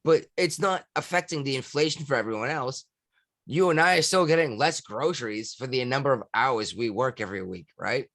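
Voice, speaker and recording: A man's voice: mid-range voice, fairly quick, fairly bright tone, no echo. A man co-hosting a casual podcast, joking and laughing often as he banters. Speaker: podcast co-host.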